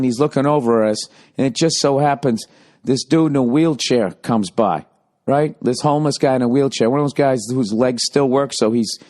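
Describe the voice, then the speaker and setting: A man tells a comic anecdote on his podcast in a loose, rambling monologue, swearing freely and checking in with the listener constantly. His voice sits at an ordinary middle pitch, and the delivery is casual and conversational. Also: darkish tone. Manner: rambling, profane, conversational, lots of "you know". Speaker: podcast host. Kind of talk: casual comedic storytelling monologue.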